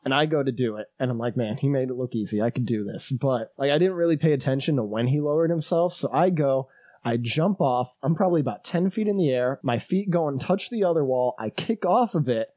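A man's voice: mid-range voice, fairly quick, dry recording, highs cut off. A man casually telling a long travel story, swearing often and acting out what people said. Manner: animated, swears a lot, acts out quotes.

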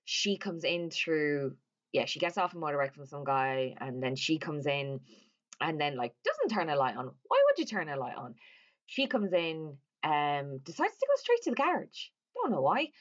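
Low-voiced woman, casual movie recap, swears, dull lo-fi sound. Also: huge pitch swings, moderate pace. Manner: chatty, swears freely, acts out characters' lines. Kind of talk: casual film plot recap.

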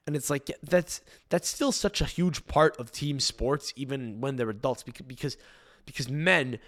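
A man's voice: medium pitch, normal speed, fairly bright tone. A man hosting a solo football podcast in casual, rambling chat, swearing freely and often restarting or repeating his phrases. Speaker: podcast host.

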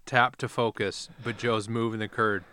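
A young man from Wisconsin co-hosting a podcast, telling stories in a relaxed, chuckling way. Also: lowish voice, normal speed, no room sound, clean studio sound. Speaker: podcast co-host. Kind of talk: casual podcast chat.

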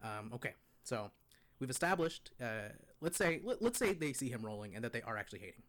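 A man voicing a condescending, pompous male pundit, lecturing deadpan in a comic impression on a podcast. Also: mid-range voice, a little fast. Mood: smug lecturing.

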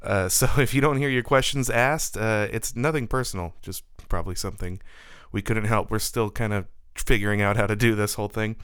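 A man's voice: fairly low pitch, fairly quick, hardly any pauses, fairly bright tone, clean tone, no room sound, studio quality. A male podcast host giving a casual spoken intro, easygoing with small laughs. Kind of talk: scripted voice-over intro.

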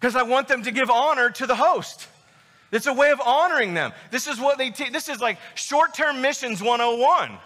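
A man's voice: extremely high pitch, lively intonation, normal speed, pushed and bright, big-room sound. A man preaching a sermon as pastor, emphatic and emotional, full of rhetorical questions.

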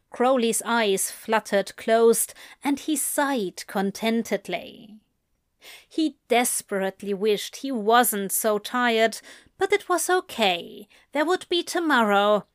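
A woman narrating a fan fiction story in a calm, unhurried way. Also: fairly high pitch, clear, resonant tone, no echo, studio quality.

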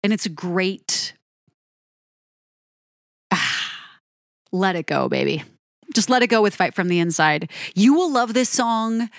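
Woman, mid-pitched, excitable music vlogger, dry close mic. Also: takes it slowly, pauses often, no room sound. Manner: gushing, animated, addresses viewers directly. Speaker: music reviewer. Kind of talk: enthusiastic song breakdown.

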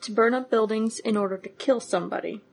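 A woman plays her character in a tabletop game, talking in a laid-back, drawn-out way. Her voice carries a strong gravelly fry and sits somewhat high. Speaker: player.

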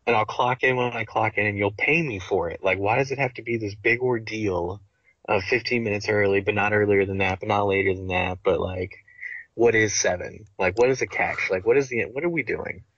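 A man's voice: on the low side, a little fast, a bit bright, dry recording. A young man co-hosting a podcast, ranting casually and with exasperation about workplace rules. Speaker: podcast co-host. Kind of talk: casual chat. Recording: dull lo-fi sound.

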